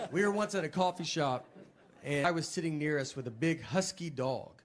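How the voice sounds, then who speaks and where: Deadpan stand-up comic in a reverberant hall. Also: male voice, on the high side, normal speed. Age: 40s. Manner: deadpan, rambling, self-deprecating. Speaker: stand-up comedian. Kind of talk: stand-up storytelling. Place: theater stage with laughing audience. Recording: reverberant live hall with audience noise.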